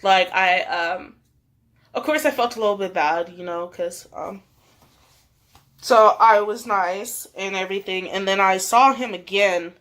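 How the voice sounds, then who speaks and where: A woman's voice: medium pitch, unhurried, fairly bright tone. A young woman vlogger telling a story in a chatty way, full of "like" and laughs. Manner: chatty, many fillers and laughs. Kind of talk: storytime vlog chat.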